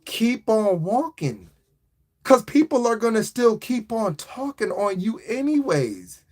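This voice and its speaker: A man's voice: very high-pitched, sing-song, slow pace, darkish tone. A man hosting a casual motivational livestream, talking in a preachy, repetitive way and often checking in with his listeners. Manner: repetitive, preachy, keeps asking "right?".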